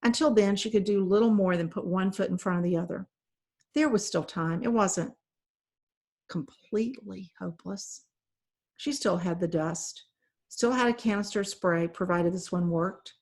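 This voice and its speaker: A woman reading a children's novel aloud, narrating the story in a steady, even way. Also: mid-range voice. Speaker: reader.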